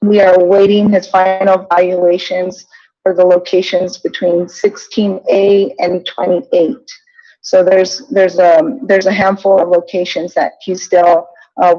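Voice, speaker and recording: A woman giving a project update at a village council meeting, halting, with many ums and restarts. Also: fairly low pitch, mellow. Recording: dull lo-fi meeting audio.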